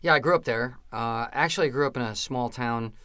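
A man from upstate New York, a guest comedian, telling animated, self-mocking stories that jump ahead of themselves. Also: mid-range voice, brisk, clear, resonant tone, no room sound, studio quality. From Albany, New York. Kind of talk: casual comedy storytelling.

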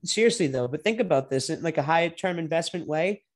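A young man co-hosting a casual racing podcast, animated and profane, sometimes breaking into loud drawn-out shouts. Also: on the high side. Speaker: podcast co-host. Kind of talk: casual sports chat.

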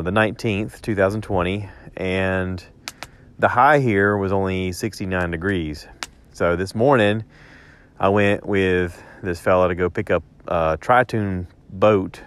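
A vlogger talks into his phone for a casual spoken diary, telling a rambling story and correcting himself along the way. His voice is deep and the tone is clean.

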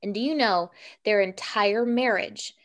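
A woman's voice: medium pitch, a little slow, fairly bright tone. A young woman co-hosting a casual podcast chat, giving emphatic, playful advice to other women. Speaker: podcast co-host.

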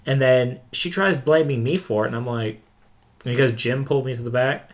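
A man's voice: medium pitch, moderate pace. A man, a former movie theater worker, chatting casually and telling rambling stories, acting out the exchanges he quotes. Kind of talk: casual chat.

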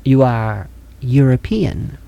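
A man's voice: mid-range voice, animated, takes it slowly, vocal fry, dark tone, muffled recording. A man presenting a comedic mock news show and interviewing guests. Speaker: news anchor.

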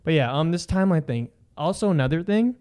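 A woman's voice: sits low, animated, fast, dark tone. A young woman co-hosting a casual chat, rambling with lots of fillers and swearing. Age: young adult. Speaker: podcast co-host.

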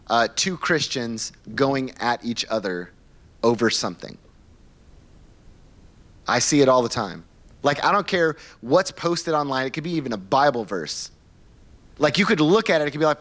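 A man's voice: mid-range voice, animated, moderate pace, fairly bright tone. A man preaching a conversational sermon in church as pastor, asking the congregation questions and acting out quoted people. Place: church sanctuary.

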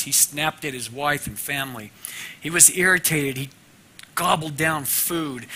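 A man teaching a class devotional in an earnest way, moving from loud teaching to a hushed prayer. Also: fairly high pitch.

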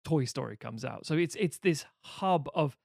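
A man's voice: on the high side, expressive, normal speed, vocal fry, darkish tone, no room sound, studio quality. A man in his late thirties co-hosting a casual chat, rambling, swearing freely and joking at his own expense. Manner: rambling and profane, with self-deprecating jokes. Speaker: podcast co-host.

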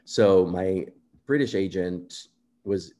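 Low, mellow-voiced man telling stories. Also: takes it slowly. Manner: earnest, animated storyteller who acts out quotes. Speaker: composer guest. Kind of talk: conversational interview storytelling.

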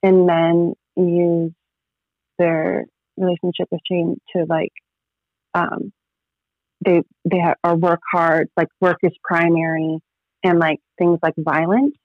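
A woman's voice: on the low side, level tone, slow, no room sound. A woman in her thirties, a podcast guest telling personal stories in a rambling way, full of "like" fillers. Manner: rambling, heavy use of "like" fillers. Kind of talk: casual personal storytelling. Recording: tinny phone-like line, dry.

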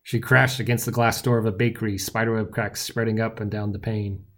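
A man narrating a novel in the first person with wry, lively storytelling. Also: on the low side, brisk. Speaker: audiobook narrator.

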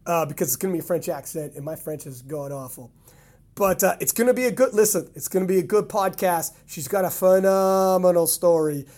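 Teasing laughing podcast host man. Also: sits high. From Canada. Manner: animated, teasing, laughs often. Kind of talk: casual podcast chat.

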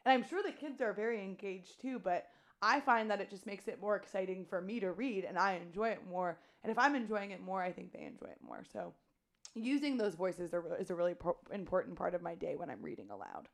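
A woman's voice: mid-range voice, a little fast, vocal fry. A young adult woman, a teacher co-hosting a podcast, chatting casually and acting out quoted thoughts as she talks. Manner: animated, talks through her thoughts with quoted asides. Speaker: podcast co-host, classroom teacher. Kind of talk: casual chat.

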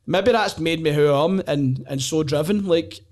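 Glasgow guy chatting away, kinda high voice, laughs a lot, acts out the stories. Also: normal speed. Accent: Glaswegian. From Glasgow, Scotland. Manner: animated, laughs often, acts out voices in anecdotes. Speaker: guest, comedian and former soldier. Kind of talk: casual storytelling chat.

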